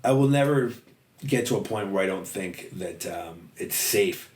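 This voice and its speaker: A man's voice: deep voice, lively intonation, unhurried, a little mellow, recorded from a distance. A man guesting on a podcast, talking candidly in a casual conversation and swearing freely. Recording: roomy sound, a little off-mic, faint noise.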